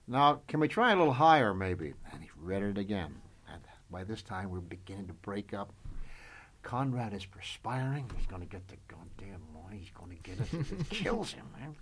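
A man in an interview, telling lively stories about his voice work. His pitch sits in the middle of the range but moves a great deal, and he breaks into laughter often. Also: moderate pace. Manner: animated, laughing storyteller. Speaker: interview guest, voice performer. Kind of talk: anecdotal interview storytelling.

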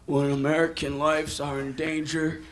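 A man impersonating a politician who turns humble and drops his voice low and slow, recorded at a live comedy show. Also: little pitch movement, close to an everyday voice. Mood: grave humble. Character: impression of a solemn politician, deep grave male voice. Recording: live club with noisy laughing crowd.

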